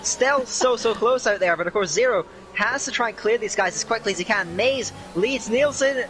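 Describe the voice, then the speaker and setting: A man giving live play-by-play commentary on a sim racing league, excitable as the action heats up. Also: high voice, moderate pace, a little hiss or hum. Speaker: race commentator.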